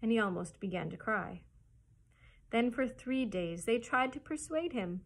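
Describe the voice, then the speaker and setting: A woman librarian reading a chapter book aloud to children with expressive storytelling. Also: fairly high pitch, a little slow.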